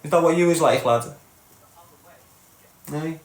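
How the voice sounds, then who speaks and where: A man's voice: on the high side, a little slow. A middle-aged man with a Liverpool accent, ranting bluntly and mockingly at viewers on a live stream, tagging his lines with "lad" and "mate". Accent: Liverpool (Scouse). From Liverpool, England. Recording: roomy echo.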